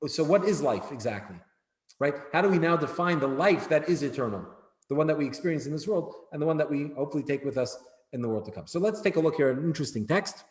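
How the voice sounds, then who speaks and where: Guy teaching a class, kinda high voice, keeps saying right?, big echoey room. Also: lively intonation, fast talker. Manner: conversational, often checks in with "right?". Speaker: Jewish studies teacher. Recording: echoey hall.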